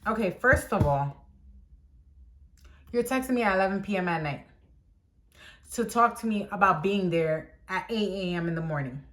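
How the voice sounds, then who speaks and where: A woman's voice: medium pitch, normal speed, long pauses. A young woman vlogger animatedly telling a personal story time and acting out what people said. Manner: animated storytelling, acts out quotes.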